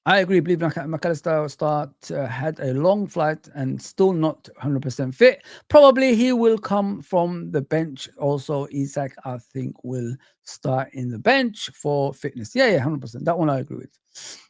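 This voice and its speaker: A man hosting a casual livestream, chatting lively and reading out and greeting his chat. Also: fairly high pitch, measured pace, gravelly, no room sound, studio quality. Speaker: livestream host.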